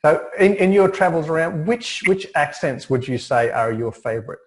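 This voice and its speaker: A man's voice: a little high, lively intonation, normal speed. A man hosting an interview, asking curious questions in a chatty, casual way. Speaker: host. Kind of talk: interview conversation.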